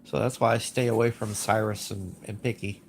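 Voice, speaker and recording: A man's voice: on the low side, steady tone, brisk, slight background noise. A man with a stuffy nose casually chatting on a livestream, rambling, repeating himself and giving blunt opinions. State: congested sinuses. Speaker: livestream host. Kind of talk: casual livestream chat, reading chat.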